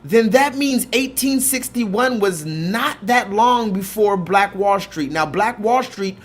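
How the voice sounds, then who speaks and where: A man's voice: sits high, animated, slow pace. A man hosting a livestream, ranting in casual, profane commentary and firing questions at his chat. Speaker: streamer host.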